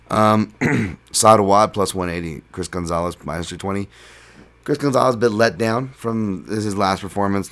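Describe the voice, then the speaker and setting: A man's voice: deep voice, a bit bright. A man hosting his own podcast, talking through fight picks alone in a loose, casual way, with frequent ums and restarts. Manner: casual, many fillers and restarts. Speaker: podcast host. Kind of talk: solo sports betting breakdown.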